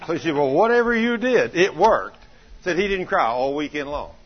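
A man's voice: fairly high pitch, sing-song, normal speed. A man, preaching and telling a story, acting out each person's words in folksy talk. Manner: folksy, plays out dialogue in changing voices. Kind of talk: sermon storytelling. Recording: dull lo-fi recording.

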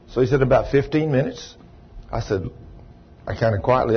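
A man preaching a sermon, telling a long rambling story in a folksy way and breaking into shouts of praise. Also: mid-range voice, a little fast, long pauses, breathy edge. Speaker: pastor. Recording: muffled lo-fi recording.

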